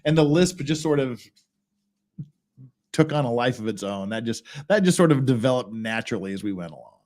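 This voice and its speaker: Sarcastic man with a lively voice. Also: mid-range voice, a little fast. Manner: sarcastic, mocking, laughs often. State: tongue swollen, speech slightly thick. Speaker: legal commentary host. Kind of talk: casual livestream commentary.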